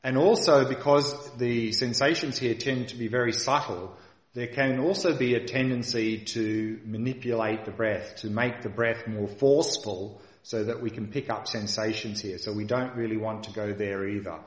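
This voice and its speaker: A man teaching a meditation practice, guiding patiently and calmly and repeating key points for emphasis. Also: mid-range voice, moderate pace, echoey room. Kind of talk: guided meditation instruction.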